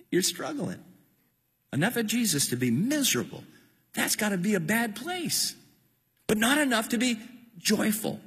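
Male preacher, husky voice with a lot of rasp, lively and rising pitch, sermon in an echoing hall with long reverb. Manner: impassioned, emphatic preaching with repeated words.

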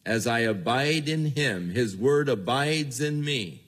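Older man, pastor, sermon, slow delivery, husky voice, earnest. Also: medium pitch. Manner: slow, earnest preaching with lively acted-out quotes.

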